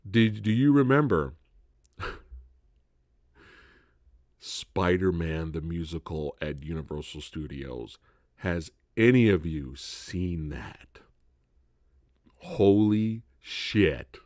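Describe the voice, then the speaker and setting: A man hosting a live Q&A stream, chatting casually, swearing freely and laughing loudly. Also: deep voice, lively intonation, takes it slowly, long pauses, no echo, studio quality.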